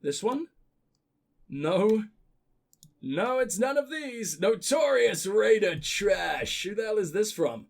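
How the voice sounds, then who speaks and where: A man hosting a gaming channel in casual let's-play commentary, crude and self-mocking, swinging between excited outbursts and low mock-sultry mumbling. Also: takes it slowly, creaky.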